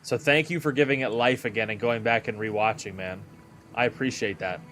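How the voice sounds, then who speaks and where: A man's voice: mid-range voice, a little fast, a bit bright, slight background noise. A man streaming a game, chatting casually with viewers in an easygoing way and often repeating words as he thinks. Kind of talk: casual live-stream chat while gaming.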